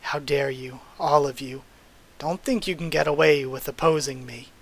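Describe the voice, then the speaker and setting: Defiant villain lines from a man, read flat from a comic, slightly high. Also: normal speed. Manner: read aloud flatly from a comic. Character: proud, cornered male villain who rules over children.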